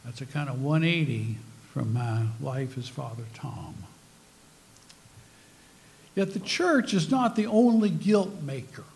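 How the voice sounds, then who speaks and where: A man's voice: on the high side, lively intonation, takes it slowly, gravelly, long pauses, a little mellow, a little hiss or hum. An older man, a former priest, giving a talk to a spiritual group, telling personal stories with self-mocking humor. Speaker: speaker.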